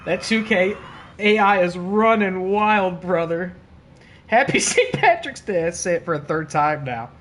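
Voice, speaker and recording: A man streaming and commentating a wrestling video game, excitable and laughing, with casual swearing and playful trash talk. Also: sits high, unhurried. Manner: excitable, laughing, bursts of disbelief.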